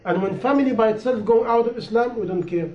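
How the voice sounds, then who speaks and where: High-voiced man preaching in an echoey room. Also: fast talker, dark tone, slight background noise. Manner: impassioned, repetitive, rising and falling emphasis. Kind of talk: sermon. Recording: echoey room, dull lo-fi sound.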